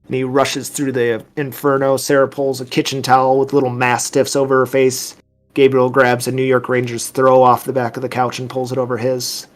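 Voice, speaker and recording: A man's voice: medium pitch, monotone, moderate pace. Man narrating as game master. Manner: cinematic scene narration with fillers.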